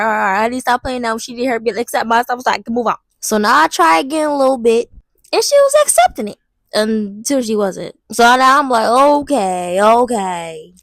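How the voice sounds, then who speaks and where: A woman's voice: high-pitched, gravelly, no echo. A young woman telling a dramatic, slangy storytime vlog. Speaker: vlogger. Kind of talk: casual storytime monologue.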